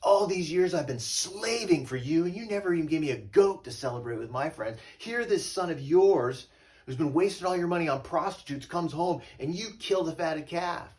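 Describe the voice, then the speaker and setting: A man voicing a resentful older brother from a parable, complaining loudly in a raised voice. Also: a little high, lively intonation, normal speed, voice pushed up, close to an everyday voice. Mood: indignant. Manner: indignant, raised and loud.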